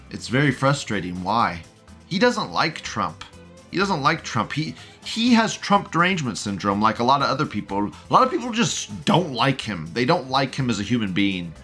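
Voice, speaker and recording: A man's voice: mid-range voice, pushed and bright. A man hosting a live stream, reading threads aloud with profane, rambling, mocking commentary.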